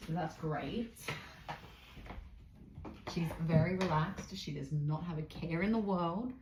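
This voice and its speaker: Chatty low-voiced Australian woman. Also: takes it slowly. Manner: chatty, rambling, talks to pets in sing-song baby talk. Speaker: pet vlogger. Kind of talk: casual chat while cleaning. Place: indoors at a large pet cage. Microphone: phone camera resting on a cage shelf. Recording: echoey room, faint noise.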